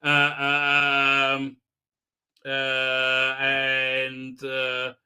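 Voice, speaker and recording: In a very slow monotone, a host on a live stream speaks with a medium-pitched voice that is sharp yet clear and resonant. He rambles through an episode recap, sarcastic and full of fillers, mocking the characters and mimicking them mid-sentence.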